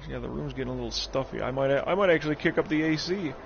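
A man casually commentating his gameplay on a live stream, profane and joking, talking from a warm room at home. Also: medium pitch, quick pace, vocal fry. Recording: muffled stream audio over game noise.

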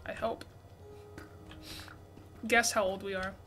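Soft music plays behind a woman's slow, medium-pitched voice. In her twenties, she's hosting an easygoing gaming livestream, chatting, reading messages from viewers, and enthusiastically thanking those who send gifts.

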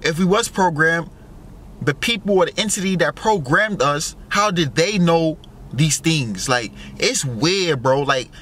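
Young man, high voice, casual rambling musings, profane, filler-heavy. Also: expressive, a little slow, fairly bright tone, slight background noise. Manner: musing, full of fillers and profanity, wondering aloud. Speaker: vlogger.

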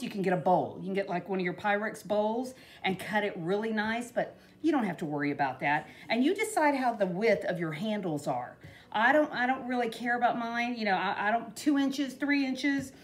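Woman, middle-aged, casual craft vlog, animated pitch, rambling with "you know". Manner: chatty, rambling, with frequent "you know" and laughs. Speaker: craft vlogger. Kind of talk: casual DIY tutorial chat.

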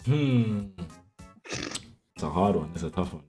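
A young British man streaming a casual video chat from a bare room in his house, teasing with deadpan jabs. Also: deep voice, measured pace, faint music behind. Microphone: good desk mic on a video call.

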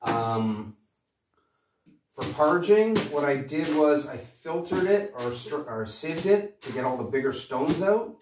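A man's voice: on the high side, expressive, takes it slowly, far from the mic. Man, casual renovator, dry humor, off-mic in a noisy, echoey room. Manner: dry joking, explains step by step. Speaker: vlogger doing renovation work. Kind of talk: casual explaining.

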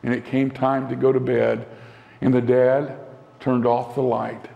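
A male pastor delivering a sermon in an earnest way, slowing down and dropping to a soft voice for emphasis. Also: medium pitch, little pitch movement, vocal fry, muffled recording. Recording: long hall reverb.

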